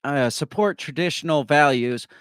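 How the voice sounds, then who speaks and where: A man hosting a casual live-streamed political chat, animated and mocking, often mimicking others. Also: fairly high pitch, normal speed, clear, resonant tone, dry recording, studio quality. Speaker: host.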